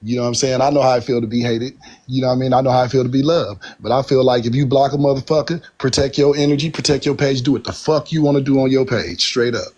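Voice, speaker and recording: A man's voice: mid-range voice, steady tone, fast talker, a little mellow. A man, a guest on a live stream, talking in a loose, laid-back way. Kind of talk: casual live stream chat.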